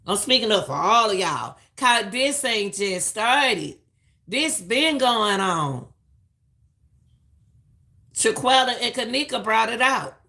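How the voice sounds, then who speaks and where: A middle-aged woman, talking in a bright, forceful voice. She gives live-stream commentary in an emphatic, preachy way and hammers her points home by saying them again. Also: a little high, lively intonation, slow, vocal fry, long pauses. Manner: emphatic and preachy, repeats lines for stress.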